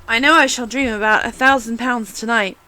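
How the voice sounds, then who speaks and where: A woman's voice: fairly high pitch, steady tone, fairly quick, bright, forceful tone. A woman reading aloud and voicing Alice, a polite but impatient young girl, for a storybook. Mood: prim, impatient. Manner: prim and impatient, well-spoken.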